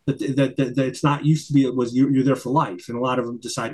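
A man's voice: mid-range voice, little pitch movement, fast talker, a little mellow, slightly rough. A middle-aged man, a guest in an interview, talking emphatically with many stumbling restarts. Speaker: guest, retired investigator and attorney. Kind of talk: conversational interview.

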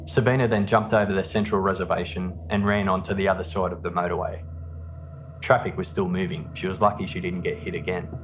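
A man hosting a podcast, telling a true-crime story in a steady, measured scripted narration. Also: low-pitched, background noise. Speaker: podcast host. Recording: narration over background music. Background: music.

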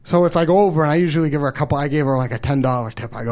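A man telling a personal story, halting and stammering, openly emotional and self-deprecating. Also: mid-range voice, fairly even intonation, darkish tone. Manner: halting, stammers and repeats words. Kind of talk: personal story told live.

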